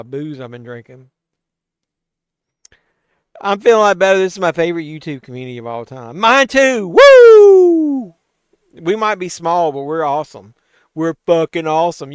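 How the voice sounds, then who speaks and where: A man with a fairly high, smooth voice hosts a live stream from a home desk mic, answering chat as he goes. He is tipsy and swears freely. The sound is dry and close. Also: no echo. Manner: loose and profane, tipsy, reacting to chat. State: tipsy from drinking. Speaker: host of a live watch-along stream. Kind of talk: casual live-stream chat, reading chat aloud.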